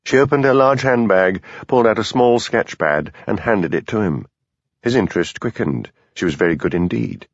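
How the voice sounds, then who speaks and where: A man narrating an audiobook in a measured, expressive reading. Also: on the low side, no room sound. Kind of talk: scripted narration. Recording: dull lo-fi dry studio recording.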